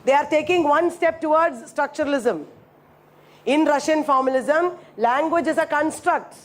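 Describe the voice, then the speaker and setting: A woman giving a classroom lecture, repeating key phrases slowly and checking that students follow. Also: sits high.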